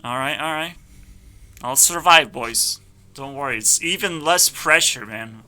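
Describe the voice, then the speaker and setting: Male YouTuber, live reaction rant; cocky, profane, piercingly bright tone. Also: on the high side, measured pace. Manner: brash, swearing, mock-arrogant ranting. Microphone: headphones on, desk mic.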